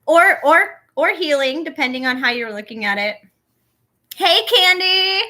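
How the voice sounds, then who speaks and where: A woman's voice: high-pitched, lively intonation, moderate pace, sharp tone. A young woman reading tarot on a live stream, chatting casually and greeting viewers by name.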